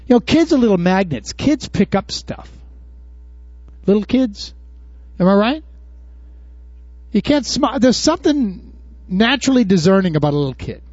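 A high-voiced male pastor preaching in a lively, swooping, folksy style and peppering the congregation with rhetorical questions. The recording is dull and lo-fi, with a dry, close sound. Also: normal speed, pauses often, dry recording. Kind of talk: sermon.

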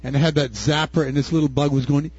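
Husky older man preaching with fervor. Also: fairly high pitch, steady tone, fast talker, no room sound. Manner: impassioned, rising to shouts, folksy asides. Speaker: pastor. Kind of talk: sermon. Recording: dull dry recording.

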